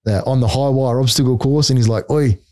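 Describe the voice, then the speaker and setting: A middle-aged Australian army veteran tells stories in a casual podcast interview, blunt and swearing heavily, laughing between tales. His mid-range voice has a darkish tone and fairly even intonation, and he speaks fast. The recording is clean studio sound with no echo.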